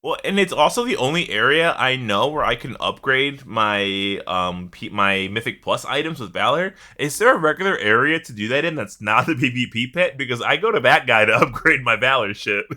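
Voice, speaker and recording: A man co-hosting a casual gaming podcast, telling an animated story with plenty of swearing and laughter. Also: medium pitch, normal speed, hardly any pauses. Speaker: podcast co-host.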